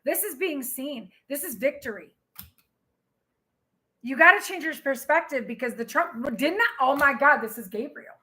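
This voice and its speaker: Woman tarot reader, high bright voice, excitable, talking straight to her viewers on a live stream. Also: unhurried, low-quality recording. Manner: excitable, exclaiming and laughing.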